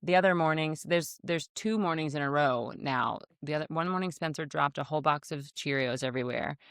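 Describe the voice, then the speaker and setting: A woman's voice: low-pitched, a little fast, a bit bright, no echo, studio quality. A woman in her thirties co-hosting a podcast, telling easygoing stories in casual chat from her desk microphone. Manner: chatty storyteller, easygoing. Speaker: podcast co-host. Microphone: desk microphone in front of her.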